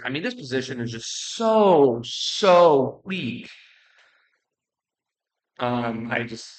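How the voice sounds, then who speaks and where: A young man ranking baseball players in casual commentary, blunt and joking, rambling with restarts and quick apologies. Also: mid-range voice, fairly bright tone, poor audio. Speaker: baseball video creator.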